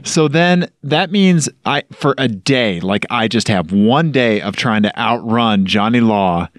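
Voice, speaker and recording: Man, podcast co-host, casual chat, playful and rambling, average pitch, dry sound. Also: expressive, unhurried, no room sound.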